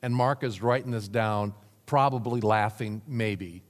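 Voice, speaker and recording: A man's voice: fairly low pitch, unhurried. A man preaching a sermon, telling stories with chuckles and acting out the voices of the people in them. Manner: storytelling with chuckles, acting out quoted characters. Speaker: pastor. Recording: reverberant hall.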